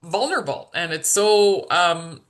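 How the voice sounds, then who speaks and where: A woman's voice: fairly low pitch, animated, a little slow. A woman guest on an interview podcast telling an emotional personal story, hesitant and full of fillers and restarts. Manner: hesitant, repeats words, many fillers and restarts; openly emotional, vulnerable.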